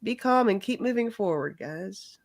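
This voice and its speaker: A woman's voice: medium pitch, expressive, moderate pace, no echo. A woman hosting a tarot livestream, talking in a laid-back, chatty way as she explains the cards she has drawn. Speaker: tarot reader and livestream host. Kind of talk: casual livestream chat and card reading.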